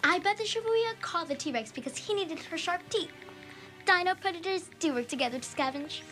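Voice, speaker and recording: A woman's voice: very high-pitched, expressive, a little fast, a bit bright, soft background music. A woman voicing a playful, teasing young girl in a cartoon. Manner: bouncy, teasing. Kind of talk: cartoon voice acting.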